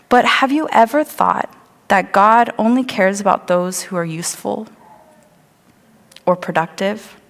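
Woman preaching in a reverberant church. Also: medium pitch. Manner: vivid storytelling, acts out crowd voices. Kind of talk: sermon with scripture reading. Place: church sanctuary. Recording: long hall reverb.

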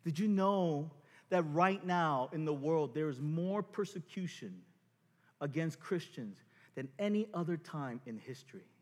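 A man preaching a sermon as pastor, animated and self-mocking as he acts out scenes from his story. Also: a little high, a little slow, big-room sound.

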